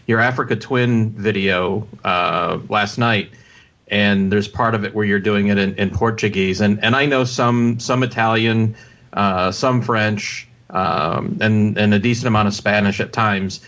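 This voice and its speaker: A man's voice: on the low side, fairly even intonation, unhurried, a bit bright. Guy hosting a podcast, rambly, lots of ums, muffled audio. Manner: rambling, many fillers and restarts. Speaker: podcast host. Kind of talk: casual podcast chat. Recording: dull lo-fi sound.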